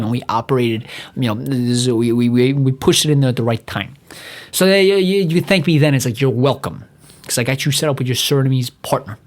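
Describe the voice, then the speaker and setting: Fast-talking profane man ranting. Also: medium pitch. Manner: rambling, profane, stumbles and restarts often. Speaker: podcast host. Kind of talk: profane solo rant.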